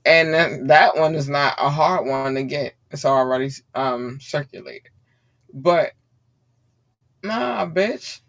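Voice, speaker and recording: A woman's voice: low-pitched, takes it slowly. A woman hosting a podcast, ranting bluntly and swearing freely in heated commentary. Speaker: podcast host.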